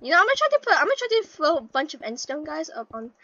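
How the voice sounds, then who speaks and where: A young woman commentating casually while playing an online game, chatty and excitable, breaking into panicked yells. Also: high-pitched, rapid-fire, no room sound, dull audio. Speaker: gaming channel host.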